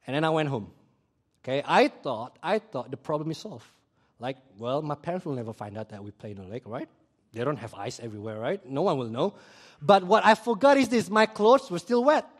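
A man preaching a sermon, telling a childhood story in a lively way and asking the audience questions. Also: fairly high pitch, a little fast. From Indonesia.

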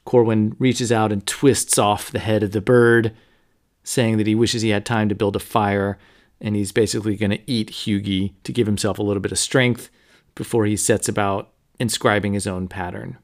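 Guy on a book podcast, low flat voice, easygoing chatty talk with lots of "you know". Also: moderate pace. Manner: low-key, conversational, many fillers. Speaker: podcast host. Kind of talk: casual book discussion.

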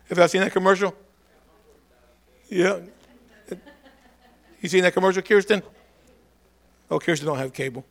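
Preacher guy, gravelly, goes from muttering asides to big shouted calls. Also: high-pitched, moderate pace, long pauses. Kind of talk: lively call-and-response sermon.

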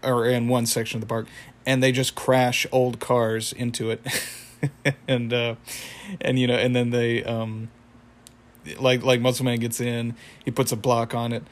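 Young male recapper, monotone delivery, loose and rambling, mid-range pitch, chuckles between lines. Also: a little slow, long pauses. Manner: rambling, self-correcting, chuckles, acts out quotes. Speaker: cartoon episode recapper. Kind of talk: casual retelling with impressions.

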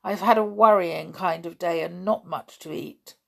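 A small, harassed man worn out by a worrying day, speaking wearily, as a woman puts him on. His voice is low, husky and gravelly. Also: normal speed, fairly bright tone, heavily acted. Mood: weary. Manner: weary, harassed. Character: small, harassed, weak-willed grown man.

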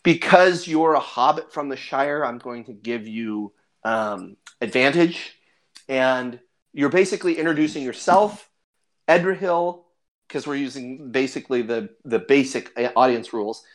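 A game master narrating a tabletop role-playing game in an animated, chatty way. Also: mid-range voice, measured pace. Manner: animated, chatty, laughs often.

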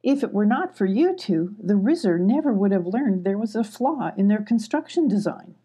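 A woman's voice: mid-range voice, big pitch swings, moderate pace, breathy edge. A woman voicing a kindly, motherly female beaver in a storybook, speaking in a reassuring, homely way. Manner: warm, reassuring, homely speech.

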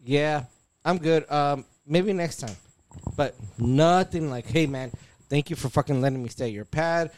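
A man's voice: fairly high pitch, measured pace, a little hiss or hum. A man in a casual group podcast chat, telling a story with lots of cursing and acting out what people said. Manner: profane storytelling, acts out dialogue. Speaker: podcast co-host.

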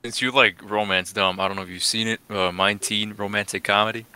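A man chatting as a podcast guest in a brash, excitable way, swearing freely while summing things up. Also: lowish voice, brisk, clear, resonant tone. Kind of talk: casual chat.

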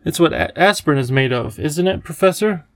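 A clever, curious young boy in a storybook, as a male reader puts him on, earnest and full of questions. The raised voice stays gravelly, recorded close and dry. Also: a little high, expressive, a little fast, a bit bright, dry recording.

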